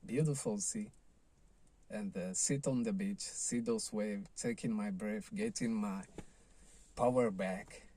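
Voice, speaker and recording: A man's voice: lowish voice, takes it slowly, dark tone, no echo. A man telling a personal surfing story in a loose, rambling vlog style, full of "like" and "you know". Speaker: surfing vlogger.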